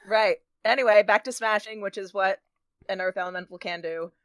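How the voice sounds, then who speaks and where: A woman player in a tabletop game, bubbly and quick to laugh. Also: medium pitch, steady tone, fairly bright tone, no echo. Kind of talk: casual tabletop play.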